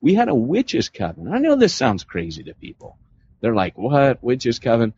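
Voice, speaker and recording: A man co-hosting a podcast, telling stories in a casual, animated way and slipping into voices for the people he quotes. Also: medium pitch, moderate pace, slight background noise. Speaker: podcast co-host. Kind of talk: casual storytelling conversation. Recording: dull lo-fi podcast audio.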